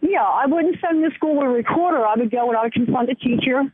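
A woman's voice: high voice, fast talker, husky, no echo. A middle-aged woman calling into a radio show and giving a blunt, opinionated view. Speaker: caller. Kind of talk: casual phone-in talk. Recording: tinny phone line.

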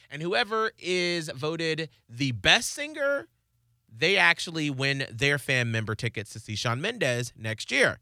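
A man hosting a morning radio show, chatting in lively, teasing banter and laughing often. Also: on the high side, dry recording, clean studio sound.

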